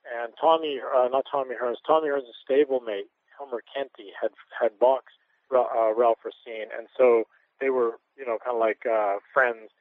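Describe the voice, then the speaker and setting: A man's voice: mid-range voice, steady tone, normal speed, dry recording. A man who is a retired pro boxer, telling candid anecdotes in an interview, rambling with restarts and chuckles. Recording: tinny phone-line radio audio.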